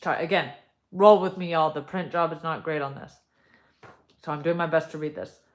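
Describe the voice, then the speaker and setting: A woman's voice: deep voice, steady tone, a little fast. A woman reading a family story aloud in a casual storytime, breaking off into chatty asides.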